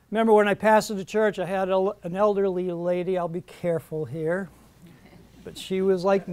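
Middle-aged male Bible teacher, higher voice, earnest lecture, dry studio sound. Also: darkish tone, no echo. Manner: earnest, emphatic on quoted verses.

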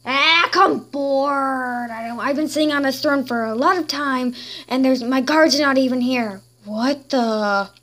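A woman's voice: high-pitched, normal speed. A woman giving playful, chatty gameplay commentary while role-playing as a queen. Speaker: game player.

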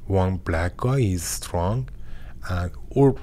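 A young man with a Persian accent, a boxer and a guest in a studio interview, speaking halting English and searching for words. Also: deep voice, warm tone. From Iran. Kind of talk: interview conversation. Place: podcast studio.

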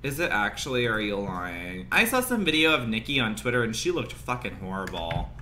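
A man's voice: lowish voice, big pitch swings, brisk, bright, forceful tone, slight background noise. A young adult man chatting casually on a livestream, profane and complaining, congested and coughing now and then.

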